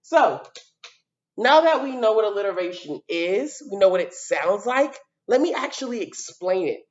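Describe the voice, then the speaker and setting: Female teacher, lively pitch, sounds out letters for kids, dull lo-fi video audio. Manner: animated, sounds out letters, repeats words slowly for children. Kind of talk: children's lesson on video.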